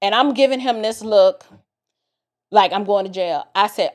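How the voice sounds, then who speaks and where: A woman from the Bronx telling a personal story in a casual, expressive way, talking straight to her listeners. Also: medium pitch, moderate pace, pauses often. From the Bronx, New York. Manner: animated and expressive, addresses listeners directly.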